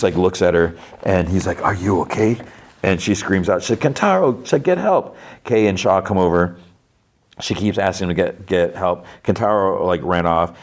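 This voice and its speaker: Low-voiced man rambling through a recap. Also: a little mellow. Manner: rambling with many fillers, briefly acting out characters' lines in a raised voice. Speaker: podcast host. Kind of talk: casual episode recap.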